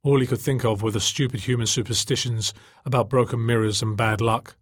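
Husky male audiobook narrator. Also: mid-range voice, steady tone, brisk, no room sound, studio quality. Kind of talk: scripted narration.

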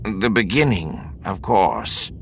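A man voicing a mind-controlled general in an audiobook, speaking slowly and dutifully. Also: low-pitched, animated, vocal fry, slight background noise, full character voice. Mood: subdued. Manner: slow, subdued, dutiful. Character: mind-controlled male general, flat and obedient. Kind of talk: audiobook narration.

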